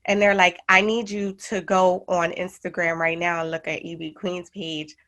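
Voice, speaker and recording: Young woman guest, bright voice, animated storyteller in casual chat. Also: lowish voice, normal speed. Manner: excited storyteller, animated retellings. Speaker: guest artist and jewelry designer.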